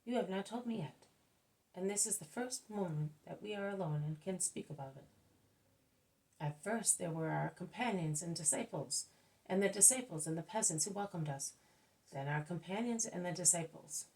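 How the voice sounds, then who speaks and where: A woman's voice: fairly low pitch, lively intonation, moderate pace, a little mellow, low-quality recording. A woman voicing an eager, nervous male apostle who asks probing, insistent questions. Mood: prying.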